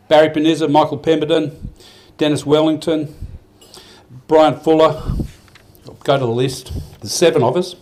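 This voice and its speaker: A fairly high-pitched, slightly mellow voice belongs to an older Australian man speaking at a normal speed, with faint background noise. He's the event organiser giving a live awards speech in an event hall. His storytelling is rambling and heartfelt, with many restarts.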